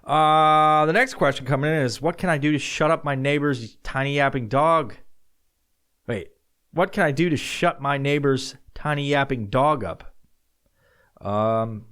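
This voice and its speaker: Young male podcast host, solo, casual and foul-mouthed, meandering answers, bursts of loud shouting. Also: medium pitch. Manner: profane, rambling, jumps into loud acted-out shouts.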